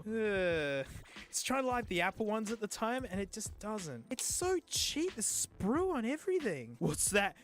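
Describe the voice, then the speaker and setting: A man hosting a casual product-review vlog, excitable, joking and sarcastic as he talks. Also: sits high. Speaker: host.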